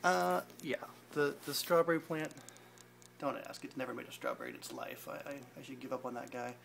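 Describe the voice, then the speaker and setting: A man's voice: mid-range voice, very animated, brisk, vocal fry, fairly bright tone, a little hiss or hum. A man giving a casual, rambling tour of his indoor garage garden, filmed on a handheld phone, with self-deprecating asides and many fillers. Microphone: phone camera held while walking.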